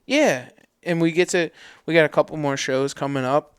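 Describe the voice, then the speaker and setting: A man co-hosting a podcast, telling stories in casual, slangy chat with loose, animated energy. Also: fairly high pitch, normal speed, clean tone, dry recording, clean studio sound. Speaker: podcast co-host.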